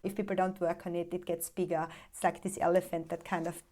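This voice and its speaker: A woman's voice: lowish voice, little pitch movement, brisk, warm tone. A woman hosting a podcast, reflecting in long, flowing thoughts during a conversational interview. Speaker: podcast host.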